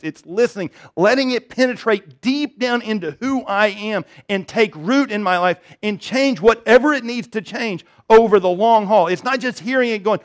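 A man's voice: high-pitched, lively intonation, moderate pace. A man preaching a sermon, telling funny personal stories and building to emphatic appeals. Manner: storytelling, self-deprecating humor, rising emphatic appeals. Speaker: pastor.

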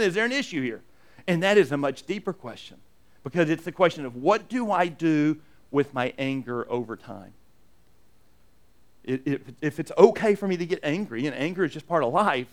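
A pastor preaching a conversational sermon, emphatic, often checking in with the congregation and reading scripture aloud slowly and expressively. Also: male voice, high-pitched. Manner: emphatic, frequently asks "right?" to the congregation.

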